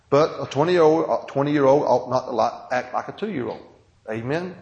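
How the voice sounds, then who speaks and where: A man preaching a sermon, calling out "Amen?" to the congregation and swinging from quiet, slow teaching to loud, emphatic reading. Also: medium pitch, vocal fry, muffled recording. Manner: call-and-response preaching, asking "Amen?". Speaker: pastor. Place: church sanctuary. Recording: echoey church hall.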